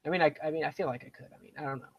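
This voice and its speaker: A man's voice: a little high, rapid-fire, creaky, no room sound, rough recording. A young man streaming a strategy game, chatting casually and drifting into side stories while talking to himself about his moves. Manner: rambling, digressive, talks to himself about the game. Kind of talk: casual gameplay commentary.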